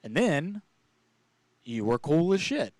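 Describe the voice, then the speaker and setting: A man's voice: a little high, big pitch swings, slow pace, a little mellow, no room sound. Profane joking male podcast host. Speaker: podcast host and prank caller. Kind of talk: casual comedy chat.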